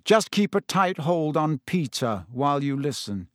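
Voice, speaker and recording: Man reading a pleading middle-aged wizard, pitched high and pushed loud, slow and urgent. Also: big pitch swings, no room sound, clean studio sound. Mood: firm.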